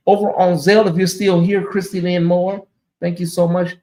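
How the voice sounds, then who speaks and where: A man hosting a casual livestream, speaking in a somewhat high voice. He addresses his viewers directly with a sassy, animated delivery that swings between teasing and heartfelt thanks. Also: moderate pace. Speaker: livestream host.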